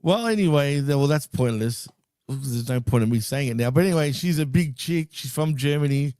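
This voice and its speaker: A man on a podcast talking wrestling in a loose, slangy, excitable way. His voice sits mid-range, recorded close and dry with no room sound. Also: medium pitch, a little fast, dry recording. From Greek heritage. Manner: loose and excitable, swears and says dude and bro. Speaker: podcast co-host. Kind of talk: casual wrestling chat.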